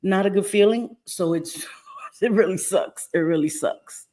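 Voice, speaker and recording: A woman's voice: mid-range voice, a little slow, warm tone. A woman hosting a livestream, chatting casually with her viewers, greeting them by name and laughing often. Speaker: livestream host.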